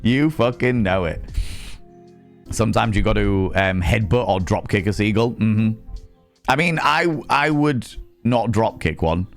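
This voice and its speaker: A man's voice: fairly low pitch, unhurried, soft background music. A young man streaming live, chatting casually with a jokey, profane, rambling manner as he reads chat aloud.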